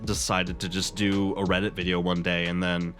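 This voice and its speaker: A man's voice: low voice, little pitch movement, normal speed, fairly bright tone, soft background music. A young man co-hosting a podcast, joking around in casual banter. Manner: goofy, joking banter with playful accent bits. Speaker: podcast co-host. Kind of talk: casual chat.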